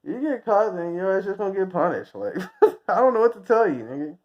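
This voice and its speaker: A man from the United States rambles through a crude, profane rant and keeps cracking himself up. His pitch swings a lot. The recording is muffled and lo-fi. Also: animated, fairly quick. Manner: rambling, crude, laughs often at own jokes. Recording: dull lo-fi recording.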